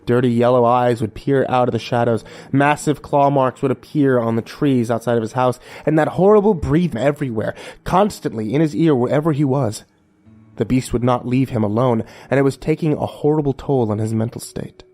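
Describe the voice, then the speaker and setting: A man reading a horror story aloud in a measured, dramatic narration. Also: mid-range voice, a little mellow. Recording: faint music underneath.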